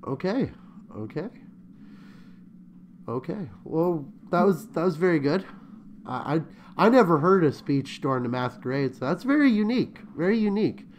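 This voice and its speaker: A man's voice: on the high side, big pitch swings, normal speed, long pauses, a little hiss or hum. A man hosting a casual online interview, joking around and breaking into sung lines. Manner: playful, joking, bursts into sung lines and laughter. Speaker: host. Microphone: remote call.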